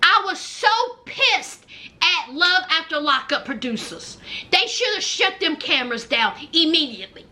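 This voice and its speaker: A woman giving a casual reality TV recap, telling the story in an animated way and talking straight to her viewers. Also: high-pitched, measured pace. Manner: exclaims and acts out quotes.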